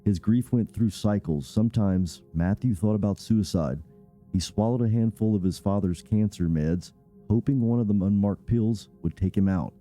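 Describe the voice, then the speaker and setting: A man narrating a true-crime podcast in a measured, somber scripted delivery. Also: lowish voice, warm tone, faint music behind.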